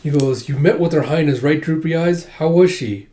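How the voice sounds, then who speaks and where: Man, chatty manga recap, slightly high voice, mellow tone, acts out the dialogue. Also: normal speed. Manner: chatty, acts out characters' lines in lifted voices. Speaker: manga reviewer.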